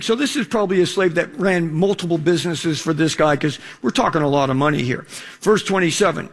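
High-voiced pastor. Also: male voice. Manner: conversational, full of fillers, slowing for scripture. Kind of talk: sermon.

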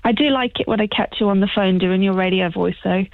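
A woman's voice: medium pitch, a little fast, crowd noise. Teasing woman on a dull phone line. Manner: teasing, playful. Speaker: host's wife on the phone. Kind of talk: casual phone chat.

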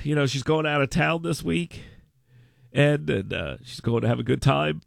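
A man hosting a radio talk show, excitable and mock-dramatic, stumbling over repeated words in comedic chat. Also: on the high side, moderate pace, creaky, no room sound, clean studio sound.

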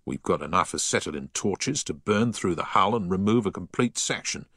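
A man's voice: deep voice, expressive, moderate pace, fairly bright tone, dry recording, studio quality. A man voicing a curt, dismissive dockyard foreman in a story reading. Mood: blunt.

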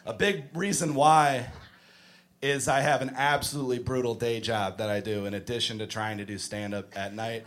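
A man doing a stand-up comedy set on a club stage, animated and breaking into shouted impressions. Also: mid-range voice, moderate pace.

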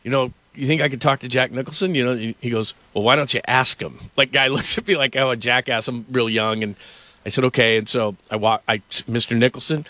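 A man's voice: mid-range voice, steady tone, quick pace, bright, forceful tone, dry recording. A man hosting a sports radio show, telling rambling stories with lots of fillers and restarts in casual talk.

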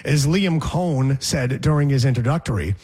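Husky, playful sports-talk man. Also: mid-range voice, moderate pace, a little mellow. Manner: playful, mimics voices and drawls words for effect. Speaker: sports radio host.

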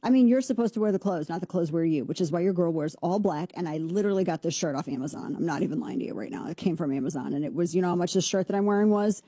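A woman hosting a talk show, giving a brash, sarcastic and animated opinion monologue. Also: fairly low pitch, rapid-fire, few pauses, husky, dry recording, studio quality. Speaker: radio talk show host.

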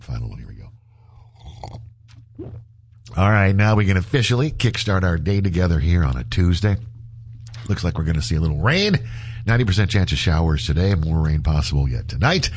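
A man's voice: very deep voice, darkish tone, slightly rough. Congested man hosting morning radio. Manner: chatty and self-mocking. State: congested, stuffy nose. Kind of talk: casual morning radio chat. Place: radio studio.

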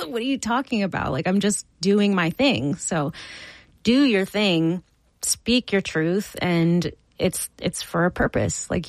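A woman in her forties speaking as an interview guest, earnest and lively as she talks about her music. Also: fairly low pitch, no room sound, poor audio. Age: 40s.

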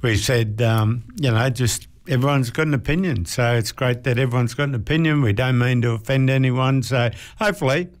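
A man's voice: mid-range voice, fairly quick, few pauses. A man co-hosting a radio show, speaking with hesitant fillers. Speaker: radio co-host. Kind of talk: casual radio chat.

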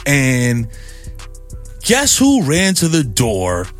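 A middle-aged man hosting a morning radio show, riffing in an animated, playfully preachy way. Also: mid-range voice, very slow, soft background music.

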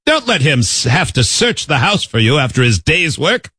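A man's voice: a little high, big pitch swings, normal speed, few pauses, pushed and bright, slightly rough, dry recording. A man co-hosting a casual group chat who reads old etiquette tips aloud in a mock formal, dry way. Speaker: podcast co-host.

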